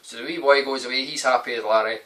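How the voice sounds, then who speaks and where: A man's voice: medium pitch, quick pace, fairly bright tone, distant mic, poor audio. A young Scottish man telling a story to camera in a rambling, casual way, swearing freely. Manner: rambling, heavy swearing, loose and conversational. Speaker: vlogger.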